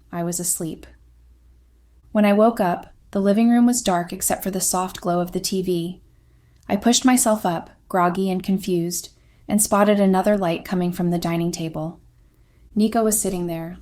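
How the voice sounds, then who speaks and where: A woman telling a first-person story in steady, scripted narration. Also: lowish voice.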